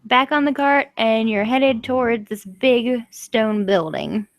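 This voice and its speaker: A woman running a tabletop game as game master, narrating slowly and describing the scene. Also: a little high, no room sound.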